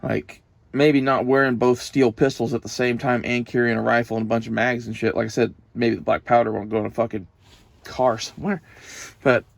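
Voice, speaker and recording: A man's voice: medium pitch, little pitch movement, fairly quick, vocal fry, dry recording. Profane rambling young man. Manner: profane, meandering, emotional. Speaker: vlogger. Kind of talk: casual rambling monologue.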